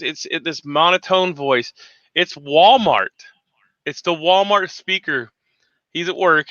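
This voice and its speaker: A man with a slightly high, bright, forceful voice speaks at a measured pace, in a dry, muffled recording. He hosts a casual morning talk show as a podcast host, rambling, cursing freely, and restarting often.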